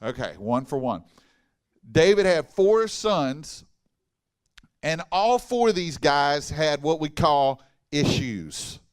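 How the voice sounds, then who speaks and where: A man preaching a sermon in a church, folksy and animated, mixing humor and asides with the congregation. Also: a little high, slow, clean tone. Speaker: pastor. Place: church hall.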